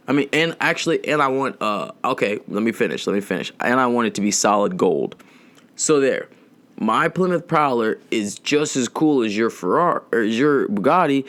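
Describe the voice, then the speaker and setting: A young man hosting a podcast, talking in a loose, rambling way, swearing a lot and making dark jokes. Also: on the low side, clear, resonant tone, dry recording. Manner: rambling, profane, darkly joking, drawn out. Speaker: podcast host. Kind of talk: casual rambling monologue.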